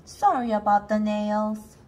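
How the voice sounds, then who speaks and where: A woman's voice: medium pitch, fairly even intonation, slow, slight background noise, close to an everyday voice. A woman voicing an eager, helpful little boy critter in a chirpy child voice for a storybook read-aloud.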